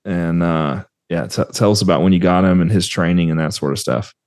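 Deep-voiced male host, dry sound. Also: fairly quick, darkish tone, no room sound. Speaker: podcast host. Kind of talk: casual interview chat.

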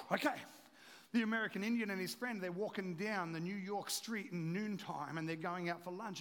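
High-voiced pastor preaching in a hall. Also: male voice. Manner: emphatic, rhetorical questions, drops to quiet storytelling. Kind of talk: sermon.

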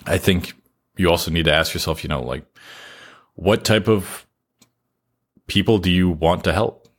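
A man being interviewed on a podcast, earnestly explaining his advice with deliberate pauses. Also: low-pitched. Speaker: podcast guest giving advice on content creation. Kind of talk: casual interview chat.

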